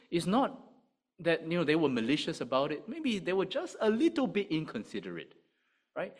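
Man, preacher, sermon, rhetorical questions, slightly high voice, very lively intonation. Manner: animated, rhetorical questions, rises and drops sharply in volume.

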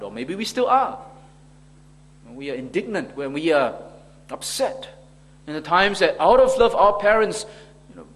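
A man's voice: a little high, a bit bright, slight background noise. A man preaching a sermon, earnest and rhetorical, asking the congregation questions and now and then stumbling on fillers.

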